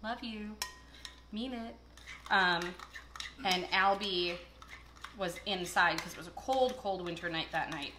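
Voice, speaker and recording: A woman's voice: medium pitch, slow, long pauses, sharp tone, a little hiss or hum. A woman hosting a casual cooking video, chatting and telling rambling stories while she works in a kitchen. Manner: chatty, rambling storyteller with fillers. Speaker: cooking show host. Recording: echoey kitchen with clattering dishes.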